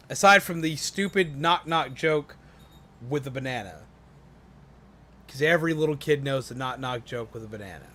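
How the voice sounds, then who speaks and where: A man streaming a game, telling a joke in a casual, animated way that swings from loud to mumbled. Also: mid-range voice, unhurried, long pauses.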